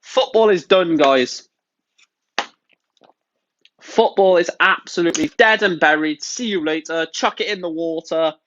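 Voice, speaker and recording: A man's voice: fairly high pitch, measured pace, long pauses, a bit bright, no room sound. A man live-streaming, ranting about football in an angry, exasperated way and swearing often. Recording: dull, lo-fi stream audio.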